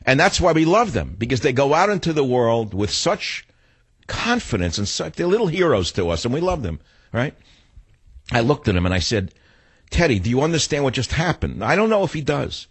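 Blunt new guy ranting through a story, husky voice, dry close sound. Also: medium pitch, very animated, normal speed, no echo. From New York. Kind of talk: opinionated storytelling monologue.

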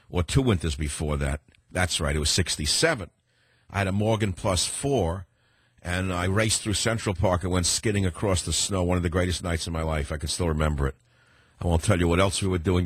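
A man's voice: low voice, slightly rough, dry recording. An older man with a New York accent, hosting a talk radio show in a rambling, combative monologue.

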